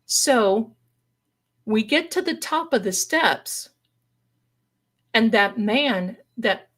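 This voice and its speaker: A woman's voice: fairly high pitch, lively intonation, very slow, a bit bright. A woman telling a story on a live stream in a dramatic, folksy way, calling her listeners darlings. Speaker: paranormal storyteller guest.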